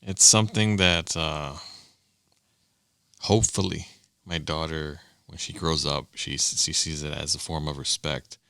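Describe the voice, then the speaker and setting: Man, co-host, very deep voice, gravelly fry, bright edge, dry close mic. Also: steady tone, a little slow, dry recording. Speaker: podcast co-host, military veteran. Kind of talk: casual chat.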